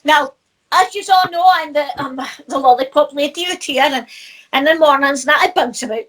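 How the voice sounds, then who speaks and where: A woman's voice: sits high, normal speed. A middle-aged woman with a Scottish accent, a spiritual teacher chatting casually and laughing often as she tells stories. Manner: lively storyteller who laughs often. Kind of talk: casual chat.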